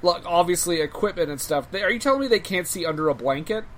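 A co-host of a casual movie podcast, animated, often laughing and questioning scenes. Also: mid-range voice, quick pace, a little hiss or hum.

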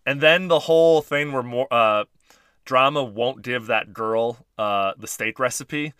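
A man's voice: medium pitch, a little slow, smooth, no room sound, studio quality. A man co-hosting a casual podcast, retelling scenes from a TV episode with frequent "like" and laughter. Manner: laughing, filler-heavy, animated retelling. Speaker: podcast co-host. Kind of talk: casual chat about a TV episode.

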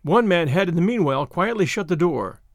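Higher-voiced man reading a classic novel. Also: expressive, fairly quick, vocal fry, no room sound, studio quality. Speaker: narrator and host of a story podcast.

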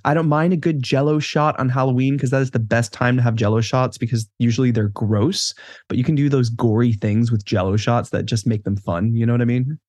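A man's voice: medium pitch, steady tone, a little fast, a little mellow, no room sound. Upbeat chatty male podcast co-host. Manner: chatty, upbeat, laughs often. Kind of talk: casual podcast chat.

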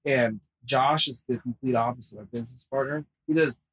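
A man's voice: mid-range voice, fairly even intonation, a little fast, a bit bright, slightly rough, low-quality recording. A man hosting a casual podcast, swearing freely and acting out quotes as he tells stories. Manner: profane, laid-back storyteller acting out quotes. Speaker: podcast host and tattoo artist. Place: workshop.

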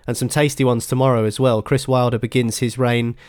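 A man hosting a sports podcast, previewing fixtures in a steady, brisk presenter style. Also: medium pitch, no room sound, clean studio sound. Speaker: podcast host.

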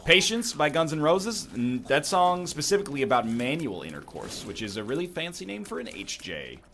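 His voice is fairly high and fairly bright, swinging widely in pitch at a moderate pace, with slight background noise behind it. The man offers rambling, jokey gameplay commentary full of wry asides.

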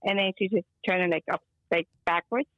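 On a phone or video call, a guest healer meanders through a long story, throwing in Spanish words and lots of fillers. Her lowish voice is a bit bright and a little fast, with no echo, over dull lo-fi audio.

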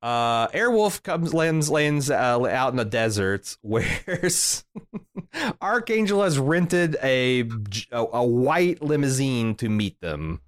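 A man's voice: mid-range voice, very animated, slow pace, no echo. A man co-hosting a podcast, recapping a TV episode in a casual, sardonic and profane way. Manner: sardonic, profane, quotes the show in put-on voices. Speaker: podcast co-host.

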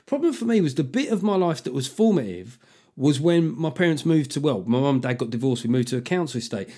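A man's voice: mid-range voice, animated, fast, mellow, breathy edge. Rambling man hosting a podcast. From South London, England. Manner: rambling, sweary, self-deprecating. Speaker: podcast host. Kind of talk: casual podcast chat.

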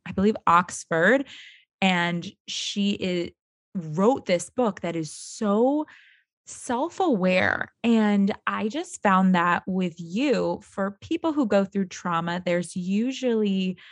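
A woman with a medium-pitched voice hosts a podcast interview, keeping the chat casual. She speaks earnestly and with enthusiasm, in long, flowing sentences. The recording is dry.

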